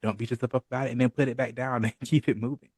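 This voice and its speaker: A man who is a guest on a podcast, speaking in a calm, encouraging coaching manner. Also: mid-range voice, racing, no echo. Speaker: podcast guest, holistic and spiritual entrepreneur. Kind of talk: casual podcast interview.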